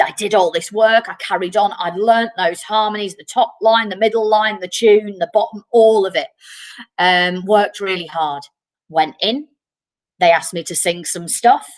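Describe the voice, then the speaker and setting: A woman, a musical theatre performer telling a personal story to a school assembly in a lively way. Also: lowish voice. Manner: lively, acts out quoted voices while telling the story.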